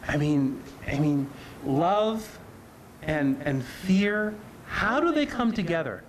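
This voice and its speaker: A man's voice: a little high, sing-song, slow pace, a little hiss or hum. A man preaching a sermon, earnest and emphatic, often repeating and restarting his phrases.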